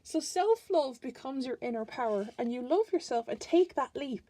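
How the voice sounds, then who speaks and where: A woman's voice: high voice, lively intonation, normal speed, warm tone, slight background noise. A woman giving a casual tarot reading to her viewers, talking in a chatty, rambling way and often restarting her sentences. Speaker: tarot reader.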